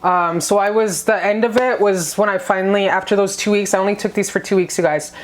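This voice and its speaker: A woman's voice: medium pitch, steady tone, brisk. A young adult woman talking candidly to her viewers in a confessional vlog, blunt and swearing freely. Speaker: vlogger.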